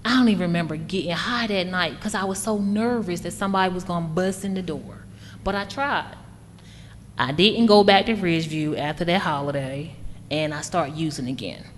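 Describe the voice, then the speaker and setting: A middle-aged woman gives an emotional personal testimony in a plain, conversational way. Her voice sits a little low, and a long reverb hangs on it. A faint room noise runs underneath. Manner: candid, conversational, emotional storytelling. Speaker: speaker sharing recovery story.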